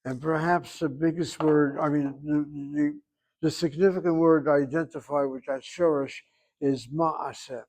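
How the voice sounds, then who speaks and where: A man with a somewhat high-pitched voice leads a Hebrew grammar lesson in a classroom. He explains slowly and deliberately, lingering over pronunciations with a dry, self-assured tone. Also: steady tone, a little mellow. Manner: slow, explaining, drawn-out pronunciations. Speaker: Hebrew teacher.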